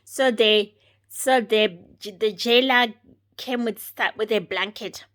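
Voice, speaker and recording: A woman giving an unscripted personal testimony, retelling events step by step in a halting way. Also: fairly high pitch, a bit bright. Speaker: testimony speaker.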